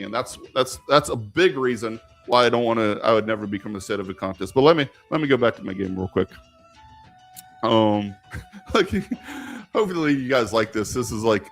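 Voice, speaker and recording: A man's voice: medium pitch, a bit bright. A man hosting a casual live stream while gaming, rambling with many fillers and turning emphatic when he argues.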